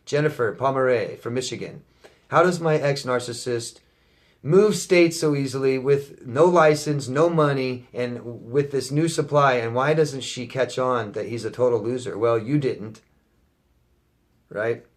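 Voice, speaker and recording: A man's voice: medium pitch, measured pace. A man working as a life coach, answering viewer questions in a Q&A monologue. He talks bluntly, swears often and repeats his points for emphasis. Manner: blunt and profane, emphatic repetition; reads out viewer questions, then answers them.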